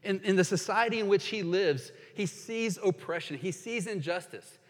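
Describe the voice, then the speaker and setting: A man's voice: sits high, moderate pace, in a large hall. A man preaching a sermon as a pastor, earnest and reading scripture aloud with emphasis.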